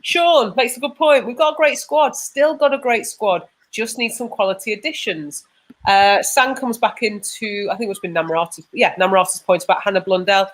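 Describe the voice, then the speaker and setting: A woman's voice: medium pitch, normal speed. Casting: woman host, live fan stream, reads comments, unpolished and hesitant. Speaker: podcast host. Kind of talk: live podcast chat reading viewer comments.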